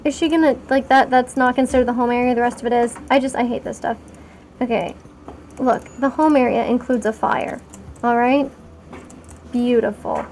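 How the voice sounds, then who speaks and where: A woman streamer with a high voice talks through her game in a loose, rambling way. She keeps poking fun at herself and gets excited easily. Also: moderate pace, a little hiss or hum. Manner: rambling and chatty, talking to chat while playing; self-mocking and excitable. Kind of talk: casual live-stream commentary.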